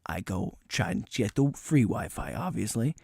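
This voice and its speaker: A young man co-hosting a podcast, telling workplace stories in an animated way, mimicking the people he met and laughing often. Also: on the low side, moderate pace, creaky, no room sound. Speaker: podcast co-host. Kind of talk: casual chat.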